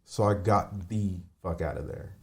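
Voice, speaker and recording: A man's voice: deep voice, unhurried, crowd noise. A man in his forties telling a personal story as a podcast guest, candid and rambling, swearing casually. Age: 40s.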